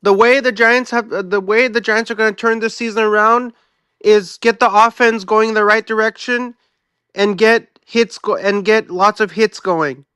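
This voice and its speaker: A man's voice: high-pitched, steady tone, normal speed, bright, forceful tone, clean tone, no echo, studio quality. A man on a sports talk stream, speaking as a heartbroken fan, pleading and rambling. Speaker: fan panelist.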